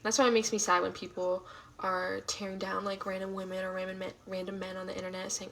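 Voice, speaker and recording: A woman chatting casually on a late-night livestream from home, with a gravelly, fry-laden voice at an ordinary pitch. She rambles, fills gaps with "um" and "like", and answers her chat, slipping at times into soft half-whispered asides. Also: little pitch movement, quick pace, rough recording. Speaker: livestream host.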